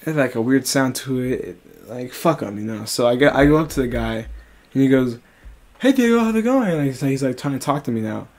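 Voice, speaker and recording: A young man co-hosting a casual podcast, telling a story in an animated, profane way. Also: mid-range voice, fairly quick. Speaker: podcast co-host.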